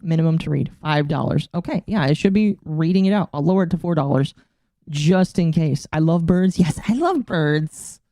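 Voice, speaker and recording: Flustered streamer woman, mellow and dry. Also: sits low, brisk, no room sound. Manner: flustered, exasperated, talks to herself while fiddling with settings. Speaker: VTuber streamer. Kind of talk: casual live-stream chat.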